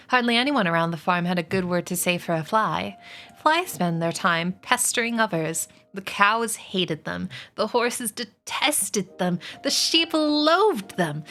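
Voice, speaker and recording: A woman's voice: medium pitch, creaky. A woman streaming a book reading, narrating chapters and chatting with viewers in a giggly, friendly way. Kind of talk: casual livestream storytelling. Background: soft music.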